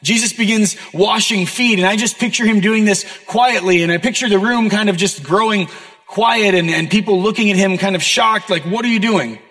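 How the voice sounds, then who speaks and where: High-voiced male pastor in a reverberant hall. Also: normal speed, a bit bright, faint music behind. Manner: earnest and conversational, with self-deprecating asides. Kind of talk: sermon. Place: church auditorium. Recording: long reverb of a large hall.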